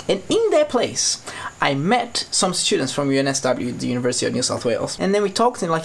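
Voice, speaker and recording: A man in his twenties from Brazil, with a Brazilian Portuguese accent, telling stories in a casual vlog, animated and laughing often. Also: fast, gravelly, a little hiss or hum. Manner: animated, laughing often, acting out quotes in a higher voice. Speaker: vlogger.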